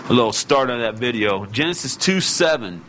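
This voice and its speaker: Male preacher, mid pitch, conversational sermon that swells to urging, faint background hiss. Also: expressive, brisk. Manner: emphatic and conversational, rising to loud exhortation.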